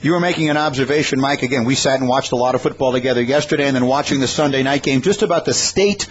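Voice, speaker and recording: A man's voice: medium pitch, fast talker. A man hosting a sports talk radio show, steering the conversation with questions. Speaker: host. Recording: slightly dull radio recording.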